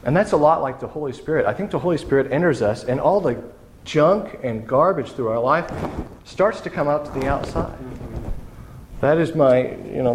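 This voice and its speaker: Male pastor giving a relaxed, conversational sermon; tells stories with lots of restarts, mid-range pitch. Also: a little hiss or hum. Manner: casual, conversational storytelling with many restarts.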